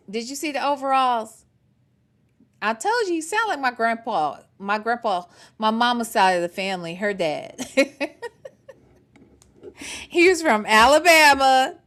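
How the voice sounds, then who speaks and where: Bright-voiced woman chatting to her viewers. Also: a little high. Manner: chatty, animated, talks to the chat directly. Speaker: commentary streamer. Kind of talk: casual livestream commentary.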